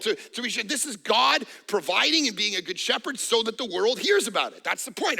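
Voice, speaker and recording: A middle-aged male pastor preaches with lively, animated delivery and playful acted-out asides. His voice sits high, with a very bright, cutting edge and a gravelly texture. He speaks in a church setting. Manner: animated, acts out voices and jokes. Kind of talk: sermon. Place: church auditorium.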